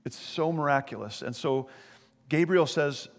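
A man preaching a sermon as pastor, animated and conversational, asking his listeners questions as he goes. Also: fairly high pitch, measured pace, in a large hall.

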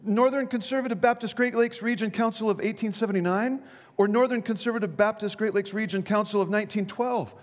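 A man doing a high, chummy busybody. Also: brisk, natural voice. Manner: bright, chummy, ever more picky. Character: eager, nosy man questioning a stranger. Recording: long reverberant hall.

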